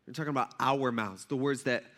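A man's voice: mid-range voice, brisk, a bit bright. A young man preaching a casual, conversational sermon, telling stories and checking in with the congregation. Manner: conversational, storytelling, checks in with the audience.

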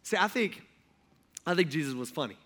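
A man's voice: a little high, fairly quick. A man preaching a sermon in a casual, conversational way, acting out quotes as he talks. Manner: conversational and animated, acts out quotes. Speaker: pastor.

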